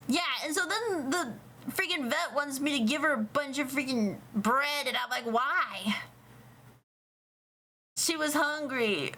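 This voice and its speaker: Young woman streamer rambling and swearing on stream, bright sharp voice, a bit high. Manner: rambling, profane, excitable. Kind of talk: casual livestream chat.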